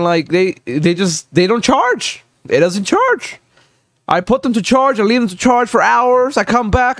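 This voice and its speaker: A man streaming a reaction video, loud and profane, swinging between shouting and muttering. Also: sits high, no room sound, studio quality. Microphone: desk mic, no headphones.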